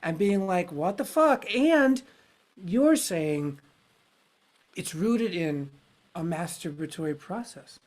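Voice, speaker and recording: A man's voice: high voice, animated, takes it slowly, pauses often, darkish tone. Frank, rambling male podcast host. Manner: frank, rambling, swears freely. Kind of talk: casual reflective conversation.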